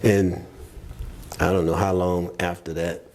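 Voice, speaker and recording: With a low, a little mellow voice, flat delivery and unhurried pace, a man shares his faith testimony as a podcast guest. He's earnest, reflective and conversational, retelling scenes by voicing what people said.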